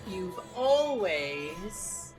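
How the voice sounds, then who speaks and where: A woman's voice: mid-range voice, very animated, drawn-out words, a little mellow. A woman voicing a cruel, mocking taunter in a sneering manner. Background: game music.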